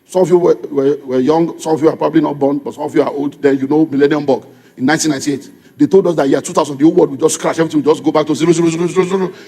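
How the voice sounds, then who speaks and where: This pastor, a middle-aged man with a Nigerian accent, races through his sermon with a high, gravelly, mellow, husky voice and fairly even intonation. He repeatedly throws rhetorical questions at the congregation, in a church with long reverb.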